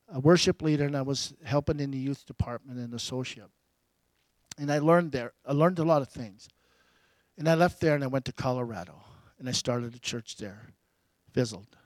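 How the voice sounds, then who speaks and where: A pastor preaching a storytelling sermon, his delivery swinging between loud bursts and hushed asides. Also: on the high side, no room sound.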